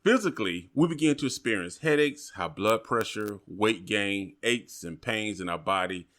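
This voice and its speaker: A man's voice: on the low side, animated, moderate pace, a bit bright. Man hosting a podcast, earnest. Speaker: podcast host. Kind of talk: scripted podcast opening.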